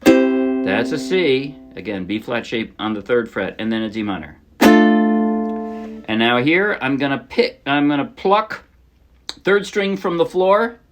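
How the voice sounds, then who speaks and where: Lively man teaching ukulele chords. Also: mid-range voice, takes it slowly, pauses often, over loud music. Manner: relaxed, explains while strumming, corrects himself. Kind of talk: casual instructional talk. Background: his own ukulele playing.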